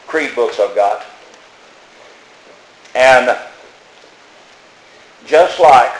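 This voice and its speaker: An older man preaching a folksy, plainspoken sermon, repeating his phrases as he tells stories. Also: mid-range voice. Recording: echoey room.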